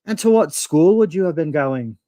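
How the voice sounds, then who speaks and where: A man putting on an excitable Irish pub-goer. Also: a little high, moderate pace, no echo, clean studio sound, pitched above the performer's own voice, close to an everyday voice. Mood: delighted. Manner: exclaiming, sing-song. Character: jovial Irish man in a pub, eagerly delighted.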